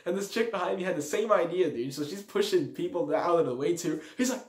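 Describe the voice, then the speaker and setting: A young man with a high-pitched voice tells a party story at a quick clip, his words echoing in a reverberant space. He's a storyteller vlogger, casual and animated, packing in slang and acting out the quotes.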